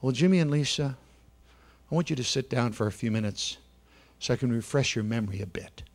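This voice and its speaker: A male preacher tells a story to a church congregation with a dramatic flair. He drops to a hush and then rises, stretching out key words. His voice sits in the middle of the male range. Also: mid-range voice. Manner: dramatic storyteller, shifts between hushed and loud, slows for effect. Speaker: preacher telling a children's story.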